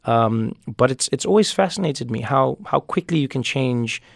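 Gravelly man telling stories. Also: medium pitch, no echo, studio quality. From South Africa. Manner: animated storyteller, quick asides, repeats words when starting thoughts. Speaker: guest, comedian and author. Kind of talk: radio interview conversation.

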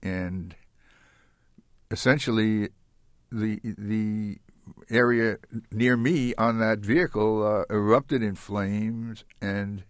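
An older man telling his own story as an interview guest, halting and reflective, with many restarts. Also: fairly low pitch, no room sound, clean studio sound. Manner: halting and reflective, with frequent restarts and soft laughs. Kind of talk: recounting a personal story in an interview.

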